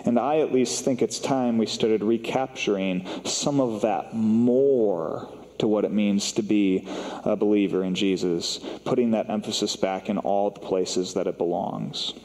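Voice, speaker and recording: A man's voice: fairly low pitch, measured pace, a little mellow, long reverb tail, low-quality recording. A man preaching a sermon as a pastor, in a conversational, self-deprecating way with casual fillers. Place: church sanctuary.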